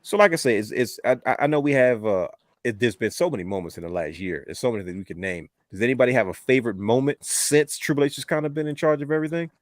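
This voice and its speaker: A man's voice: mid-range voice, animated, fast talker, no room sound, clean studio sound. A man co-hosting a podcast in casual wrestling chat, rambling and repeating words as he talks. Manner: rambling, repeats words, says "you know what I mean". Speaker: podcast co-host.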